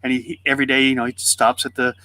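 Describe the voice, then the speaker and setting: A man on a faith podcast, telling a parable and acting out its voices with lively swings in his delivery. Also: medium pitch, rapid-fire, dry recording. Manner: animated storyteller, acts out the voices in his story. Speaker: podcast co-host. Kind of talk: faith podcast conversation, storytelling.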